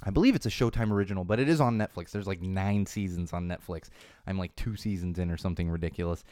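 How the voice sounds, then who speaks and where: A man in his thirties from the Chicago area rambles through a casual podcast monologue, quick and sarcastic. His voice is low-set and smooth. It is recorded close and dry, with no room sound. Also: a little mellow, dry recording. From Chicago area, USA. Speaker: podcast host. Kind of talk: casual solo podcast chat.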